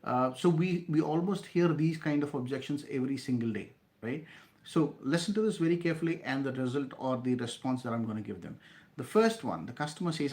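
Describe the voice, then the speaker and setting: Male sales trainer, mid-pitched, instructive class delivery, leans on "right?" to check in. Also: brisk, darkish tone. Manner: instructive, repeats points with frequent "right?". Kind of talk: class-style sales lesson.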